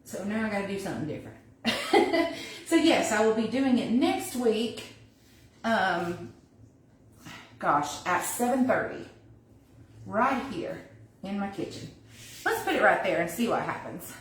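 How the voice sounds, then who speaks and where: A woman's voice: mid-range voice, animated, unhurried, pauses often. Chatty woman crafting in an echoey kitchen. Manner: chatty, thinks aloud, reads viewer comments. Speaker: crafter hosting a livestream. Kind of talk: casual live craft demo, talking while working. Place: home kitchen. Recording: echoey room, mic at a distance, faint noise.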